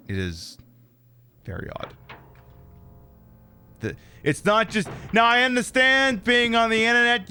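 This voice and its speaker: A man's voice: high-pitched, bright, forceful tone, slight background noise. A man with a North Jersey accent giving casual, joking and profane commentary while streaming a game. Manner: profane, joking, talks to chat.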